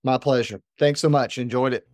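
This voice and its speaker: A man's voice: mid-range voice, fairly even intonation, a little fast, darkish tone, faint music behind. A man guesting on a podcast, telling a story with energy and emphasis and often checking in with "right?". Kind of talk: animated storytelling in conversation.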